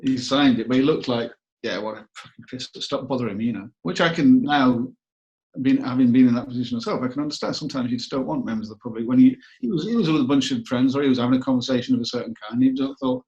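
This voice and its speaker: A man's voice: mid-range voice, fast talker, darkish tone. A middle-aged man from northern England, chatting in an interview, rambling and self-deprecating and repeating his words. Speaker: actor guest. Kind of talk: casual interview chat. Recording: dull lo-fi recording.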